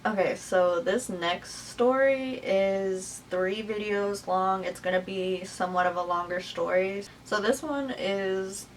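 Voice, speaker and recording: Slow-talking young woman, distant mic. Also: mid-range voice. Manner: blunt, slangy, relaxed. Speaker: host reacting to clips. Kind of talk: casual reaction commentary. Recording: distant mic with faint background noise.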